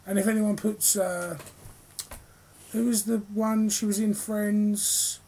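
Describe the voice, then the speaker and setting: A man's voice: high-pitched, level tone, slow, a little mellow. A man trades crude, blunt jokes as a podcast co-host and laughs often. A faint hiss of noise sits behind his voice. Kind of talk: casual banter.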